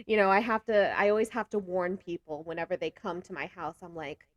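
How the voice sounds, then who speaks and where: Animated, laughing woman vlogger. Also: lowish voice, normal speed, no room sound. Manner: animated, laughs often between remarks; talks with hands a lot. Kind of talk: casual chat to camera.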